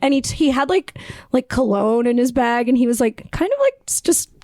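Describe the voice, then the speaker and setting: A woman who is a podcast guest, telling a story in animated casual talk, full of "like"s and broken up with laughs. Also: high voice, moderate pace, dry recording, studio quality. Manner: animated, many filler "like"s, laughs between lines.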